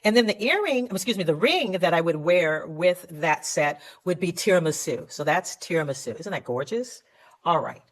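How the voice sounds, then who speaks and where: A woman presents jewelry in a chatty, enthusiastic live showcase. Her voice sits a little low for a woman. She stumbles over words and corrects herself often as she talks. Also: animated, moderate pace. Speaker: jewelry seller.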